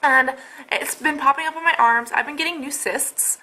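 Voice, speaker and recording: A young woman records a casual update at home, speaking straight to her camera. Her voice sits a little high and rings bright and sharp. She rambles in an exasperated way and fills her sentences with "like". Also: moderate pace. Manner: rambling and exasperated, many fillers like "like". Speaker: vlogger. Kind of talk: casual personal video update. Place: at home, indoors.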